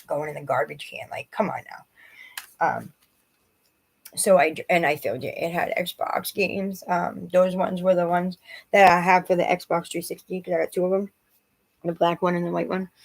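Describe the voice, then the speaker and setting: A woman's voice: fairly low pitch, creaky, husky. A woman in her forties talking straight to the camera in a rambling, emotional personal vlog, often restarting her sentences as she vents. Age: 40s. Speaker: vlogger.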